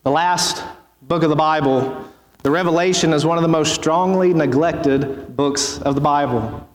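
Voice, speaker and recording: Man pastor, sermon, solemn measured reading, fairly high voice, echoey church hall. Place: church sanctuary.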